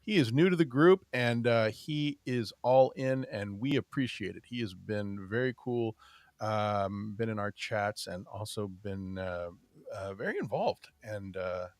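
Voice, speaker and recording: A man's voice: on the low side, measured pace, darkish tone, dry recording. A man hosting a podcast in casual chat, joking, rambling with fillers and laughing often. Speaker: podcast host.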